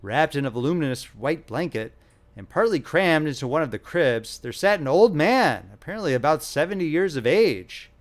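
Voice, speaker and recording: A male audiobook narrator reading a classic short story with lively, animated intonation. His voice sits fairly high for a man, and his delivery is expressive storytelling. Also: moderate pace.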